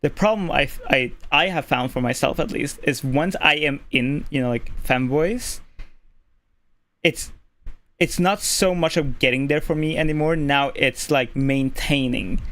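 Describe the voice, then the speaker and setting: A streamer from Norway with a male-sounding voice, casually explaining voice tips at a desk mic, keeping the voice relaxed and filling pauses with "like". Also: fairly high pitch. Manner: relaxed, deliberately easy on the voice, lots of "like" fillers. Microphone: desk microphone.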